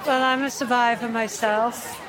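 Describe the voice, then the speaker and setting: A woman speaks earnestly and supportively at an outdoor charity run. Her voice sits a bit high, and crowd chatter fills the background. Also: fairly even intonation, a little slow, poor audio. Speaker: run participant.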